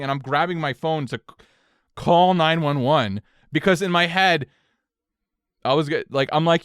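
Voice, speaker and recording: In a casual storytelling chat, this podcast co-host tells stories in an animated, profane way. His voice is fairly high, clear and resonant, and he talks at a moderate pace. The audio is studio quality with no room sound.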